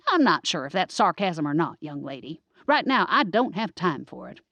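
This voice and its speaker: Woman doing a brisk, bossy older woman. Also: fairly low pitch, sing-song, pushed and bright, no room sound, lo-fi sound, full character voice. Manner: brisk, commanding.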